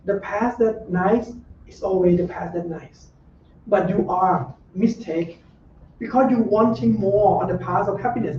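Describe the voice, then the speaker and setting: High, mellow-voiced monk heard from afar. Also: male voice, a little hiss or hum. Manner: simple, repetitive phrasing with frequent rhetorical checks; gentle, conversational advice. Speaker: Buddhist monk teacher. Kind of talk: informal dharma talk. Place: meditation center room. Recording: roomy echo, distant dull lo-fi mic.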